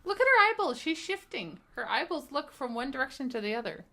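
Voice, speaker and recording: A woman's voice: high voice, very animated, brisk, sharp tone. A woman co-hosting a casual game playthrough with playful, dramatic reactions. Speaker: let's-play co-host. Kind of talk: casual gameplay commentary.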